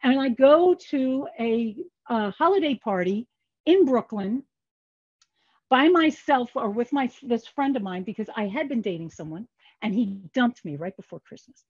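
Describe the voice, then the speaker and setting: A woman's voice: a little high, moderate pace, slightly rough, no echo. An older woman, a guest economist, telling stories in a casual podcast interview and acting out the dialogue she quotes. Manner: animated, acts out quoted dialogue. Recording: muffled lo-fi sound.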